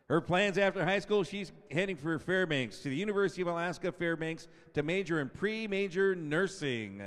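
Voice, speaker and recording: A man in his fifties on a public address mic, stretching each player's name into a long call and chatting between the names. His voice sits a little high and comes through smooth and resonant, with a long echo off the gymnasium walls. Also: expressive, moderate pace, a bit bright. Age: 50s. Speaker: PA announcer. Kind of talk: senior night announcing. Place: school gym. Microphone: PA microphone. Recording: echoey gymnasium PA sound.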